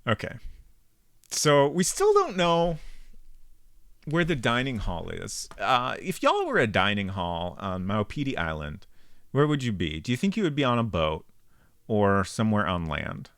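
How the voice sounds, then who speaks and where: A man giving casual live-stream commentary while playing a game, chatting with viewers and thinking out loud. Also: fairly low pitch, huge pitch swings, unhurried, no room sound.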